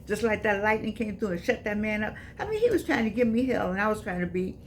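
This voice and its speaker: A woman's voice: mid-range voice, expressive, fast, a little hiss or hum. An older woman from the United States, hosting her own channel and talking casually to viewers with a repetitive, preacher-like cadence. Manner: chatty, preacher-like cadence, repeats phrases. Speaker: author and channel host.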